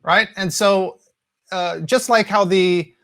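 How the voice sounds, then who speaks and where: A man in his forties from the US West Coast, teaching drum rudiments in a relaxed way with many fillers, counting and singing out patterns. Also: sits high, slow pace, background noise. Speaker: drum instructor. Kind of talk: instructional talk.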